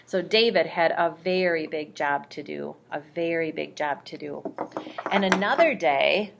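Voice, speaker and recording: Woman telling bedtime bible stories to a child, slow and gravelly, gentle. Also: low-pitched. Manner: gentle, speaks directly to a child. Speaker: storyteller reading to a child.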